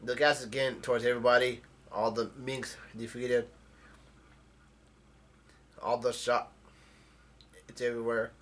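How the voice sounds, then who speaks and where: Man, bright forceful voice, casual halting comic recap. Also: mid-range voice, flat delivery. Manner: halting, with frequent restarts while retelling scenes. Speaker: manga chapter reviewer.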